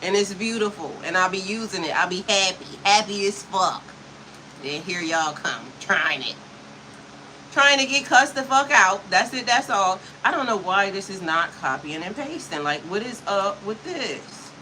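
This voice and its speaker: Her voice mid-range, animated, bright and forceful at normal speed, a woman in her fifties livestreams to her chat as a spiritual coach. She's sassy and profane, laughing often, speaking into a computer mic. The low-quality recording has a little hiss or hum.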